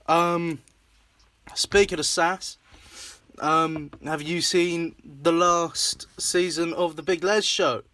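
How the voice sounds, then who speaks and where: A young man with a slightly higher voice hosts a loose, casual chat. He laughs a lot, swears freely and keeps slipping into quick impressions of characters. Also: fairly even intonation, pushed and bright, no echo. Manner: laughing, swearing often, acting out scenes in voices. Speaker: host.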